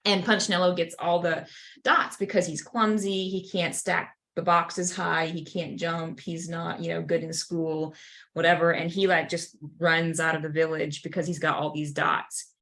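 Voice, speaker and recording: A woman's voice: fairly low pitch, normal speed. A woman co-hosting a casual faith podcast, telling a story with lots of fillers and little acted-out voices. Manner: animated storyteller, many "like" fillers. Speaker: podcast co-host.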